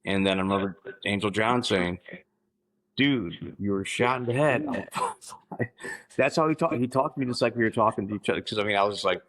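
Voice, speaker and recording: A man in his fifties from Missouri speaks in a lowish voice. He tells a deeply personal story as a podcast guest, pausing, restarting his sentences and clearing his throat along the way. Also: fairly bright tone, poor audio. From Missouri, United States.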